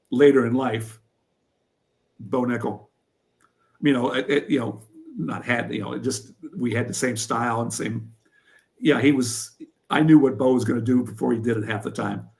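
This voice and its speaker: An older man from Pennsylvania, a former wrestler and coach, telling stories in an interview with lively energy. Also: mid-range voice, creaky. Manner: animated storyteller who acts out what others said. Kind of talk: storytelling in an interview.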